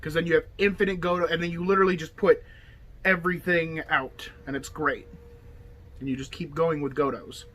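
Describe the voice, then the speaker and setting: A man's voice: on the high side, fairly even intonation, a little fast, fairly bright tone. A man casually talking through his card game deck, rambling and chatty, filling his talk with okay and you know. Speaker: deck tech host. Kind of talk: casual hobby video talk.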